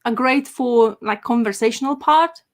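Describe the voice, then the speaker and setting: A woman's voice: a little high, moderate pace. A woman chatting casually as a podcast co-host, rambling with enthusiasm and many fillers and restarts. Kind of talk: casual chat.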